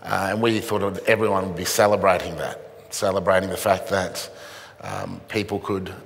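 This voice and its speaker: A middle-aged man, a charity chief, telling stories in a keynote speech, halting and self-mocking. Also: low-pitched, steady tone, vocal fry. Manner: halting storytelling with dry self-mocking humor. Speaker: charity CEO, event speaker. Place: event venue with an audience. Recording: echoey event hall reverb.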